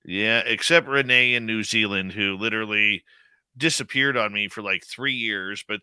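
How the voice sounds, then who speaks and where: A man's voice: on the low side, moderate pace, pushed and bright, smooth, dry recording. A man hosting a live radio show, chatting casually and joking as he greets listeners in the chat by name.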